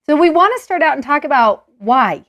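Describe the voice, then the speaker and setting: Brief: female co-host, bright higher voice, dry close sound, eager and explanatory. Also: very animated, a little fast, dry recording. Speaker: co-host of a scripture study show. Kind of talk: casual scripture discussion.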